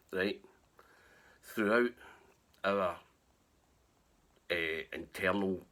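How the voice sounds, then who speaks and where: A man's voice: deep voice, bright, forceful tone. A man with a Scottish accent telling a rambling camping story in a casual, sweary way, laughing as he goes.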